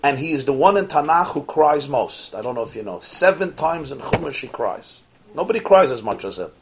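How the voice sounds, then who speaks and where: A man teaching a Torah class, animated, posing rhetorical questions and swinging from soft asides to emphatic peaks. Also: medium pitch, a little fast, background noise. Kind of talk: Torah lecture to an audience.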